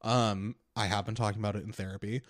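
A man's voice: fairly low pitch, fairly even intonation, fast talker, dry recording, clean studio sound. A young man co-hosting a podcast, telling a story animatedly with frequent laughter. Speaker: podcast co-host. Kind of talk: casual podcast chat.

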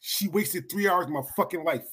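A man hosting a casual podcast, animated and blunt, swearing and laughing often as he runs a movie bracket. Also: sits high, brisk, breathy edge. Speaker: podcast host.

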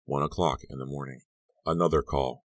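Very deep-voiced male audiobook narrator. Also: steady tone, brisk, dry recording. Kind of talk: scripted narration.

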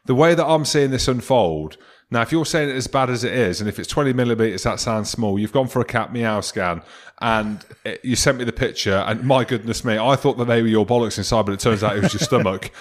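Scottish male podcast cohost, mid-pitched, teasing, mock-serious grilling, casual banter. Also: fairly quick. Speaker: podcast co-host.

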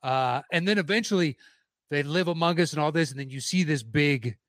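A man's voice: on the high side, a little fast, fairly bright tone, no room sound. Wry man telling movie stories. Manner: wry, storytelling, swearing. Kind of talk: casual movie chat.

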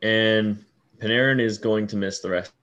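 A man's voice: fairly low pitch, fairly even intonation, normal speed, a bit bright, dull audio. A man co-hosting a casual hockey podcast, laying out standings and points steadily. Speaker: podcast co-host.

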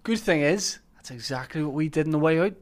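A man hosting a podcast, telling animated stories in casual chat. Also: fairly high pitch, fairly quick. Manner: animated storyteller, acts out overheard voices. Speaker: podcast host.

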